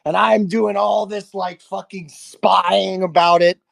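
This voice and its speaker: A man telling a personal story on a live stream about shadow work, speaking emphatically with profanity and long pauses. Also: high-pitched, flat delivery, gravelly, a bit bright, dry recording. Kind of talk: intense personal storytelling to a listener.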